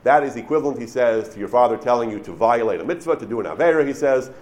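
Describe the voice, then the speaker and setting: A man's voice: medium pitch, lively intonation, fast talker, a little mellow. A man teaching a Torah class, explaining legal sources earnestly and with enthusiasm, often restarting and repeating words as he thinks. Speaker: Torah lecturer. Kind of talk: online Torah class lecture.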